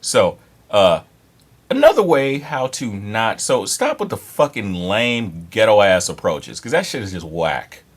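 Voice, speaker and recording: Man in his thirties, low voice, blunt and profane, rambling casual talk, lots of fillers. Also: very animated, unhurried, husky. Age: 30s. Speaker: dating advice vlogger. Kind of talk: casual monologue to camera.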